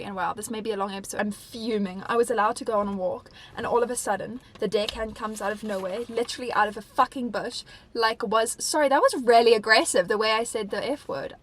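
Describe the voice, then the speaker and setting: A woman's voice: medium pitch, a little hiss or hum. A young woman from Africa, chatting casually and reading diary entries aloud, rambling with lots of "like". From South Africa. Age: young adult. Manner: chatty and rambling, heavy use of "like". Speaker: vlogger.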